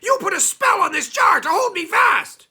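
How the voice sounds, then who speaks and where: A man voicing a big, fat, greedy male goblin in a storybook reading, given to shouting and wailing. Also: sits high, huge pitch swings, very slow, gravelly, breathy edge, voice pushed up, full character voice. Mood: panicked.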